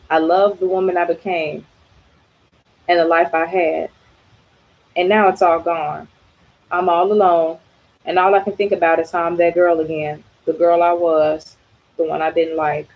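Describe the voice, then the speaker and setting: A woman reads as a young woman survivor from a comic book, lonely and earnest. The voice sits low and stays near everyday speech. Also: darkish tone, lightly acted, low-quality recording.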